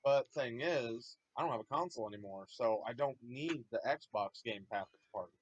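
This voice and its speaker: A man's voice: mid-range voice, normal speed, breathy edge, dry recording, lo-fi sound. A man on a stream's voice chat, casually explaining things in a matter-of-fact way. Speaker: co-host friend on voice chat.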